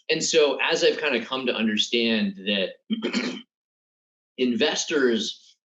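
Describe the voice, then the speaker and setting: Low-voiced man, thoughtful guest on a dull line. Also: fairly bright tone. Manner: thoughtful, repeats words while finding his point. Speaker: guest entrepreneur. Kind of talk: casual interview talk.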